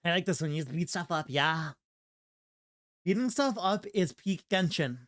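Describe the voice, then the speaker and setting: A man's voice: high-pitched, expressive, normal speed, fairly bright tone. Chatty, exasperated male streamer. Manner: exasperated, chatty, stumbles over words. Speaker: VTuber streamer. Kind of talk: casual game-stream commentary.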